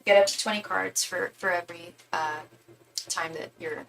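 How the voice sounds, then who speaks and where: A woman's voice: fairly low pitch, steady tone, normal speed, vocal fry, fairly bright tone, slight background noise, rough recording. A young woman giving a live-stream tarot reading, talking casually in slangy, emphatic bursts and often restarting her sentences. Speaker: tarot reader.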